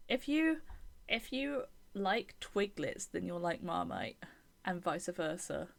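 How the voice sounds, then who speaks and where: A woman's voice: mid-range voice, very animated, moderate pace, gravelly. Young British woman streamer, chatty and opinionated, casual game commentary. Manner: chatty, opinionated, trails off and restarts, bursts of indignation. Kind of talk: live-streamed commentary while playing.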